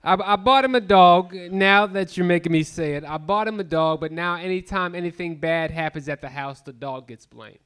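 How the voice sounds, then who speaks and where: A man in his thirties doing profane, animated stand-up comedy on a club stage, bantering with the crowd. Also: high voice, moderate pace, few pauses, clean tone. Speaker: stand-up comic.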